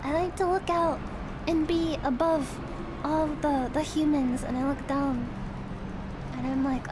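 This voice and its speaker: A woman's voice: sits high, slow, noisy background. A woman streamer in a casual chat, rambling and giggly, swearing freely.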